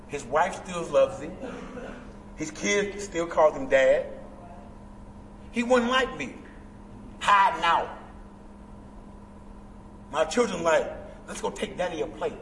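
A man with a high voice that leaps all over the place, preaching his story to a crowd with emphatic bursts. He is heard from far off in an echoey convention hall with a long reverb tail. Faint room ambience hums behind him. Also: lively intonation, slow, pauses often, a bit bright, slight background noise. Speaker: guest speaker at a recovery convention. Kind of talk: impassioned speaker share. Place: large indoor convention hall.

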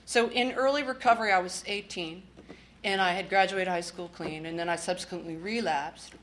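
A woman's voice: lowish voice, normal speed, a bit bright, slight background noise. A woman from the Washington, D.C. area sharing her recovery story in a candid, blunt way with wry humor and swearing. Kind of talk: personal testimony.

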